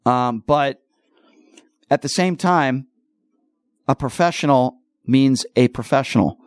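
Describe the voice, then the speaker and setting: A man's voice: medium pitch, slow, smooth, no room sound. Guy ranting on his radio show, repeats himself a lot, dry close mic. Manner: emphatic, ranting, repeats points. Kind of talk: opinionated talk radio monologue.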